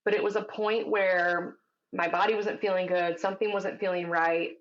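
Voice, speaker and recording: Woman podcast guest, animated storyteller who acts out the people she quotes, on a dull lo-fi line. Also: lowish voice, moderate pace. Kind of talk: telling a personal story in casual chat.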